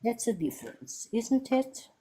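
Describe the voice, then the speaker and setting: A woman's voice: a little high, very animated, a little slow, dark tone, husky. A woman from Portugal with a Portuguese accent, a polite and earnest caller who apologizes often. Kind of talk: casual debate call.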